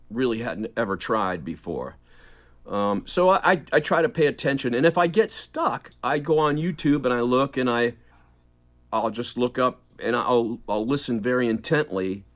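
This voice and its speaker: A middle-aged man, a voice actor, chatting as an interview guest, animated and quick to laugh, drifting in and out of accents. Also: medium pitch. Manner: animated, laughs often, slips into accents mid-sentence. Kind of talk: casual interview chat.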